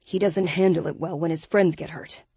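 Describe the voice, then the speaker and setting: A woman voicing a brisk young man with a sharp, curt, urgent way of talking, in an audiobook. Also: lowish voice, fairly even intonation, husky, no room sound.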